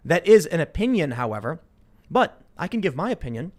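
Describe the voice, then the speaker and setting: Animated talk show host, higher voice. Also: male voice, a little fast. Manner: animated, reads news aloud then riffs with restarts. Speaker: podcast host. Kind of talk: casual political talk show discussion.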